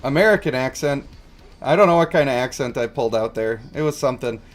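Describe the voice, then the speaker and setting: A man's voice: medium pitch, lively intonation, fast talker, faint music behind. A man in his thirties streaming a game, rambling and chuckling as he answers chat. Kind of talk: casual livestream chat.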